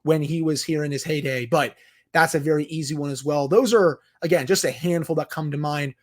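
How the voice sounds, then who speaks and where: A man's voice: a little high, a little fast. A young man co-hosting a sports podcast, reading listener questions in a casual, upbeat way. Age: young adult. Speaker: podcast co-host.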